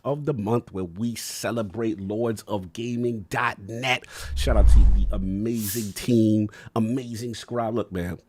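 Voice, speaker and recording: A man's voice: lowish voice, steady tone, a little slow, hardly any pauses, a little mellow. A man hosting a gaming podcast in casual, slangy chat, hyped and laughing often. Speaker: podcast host.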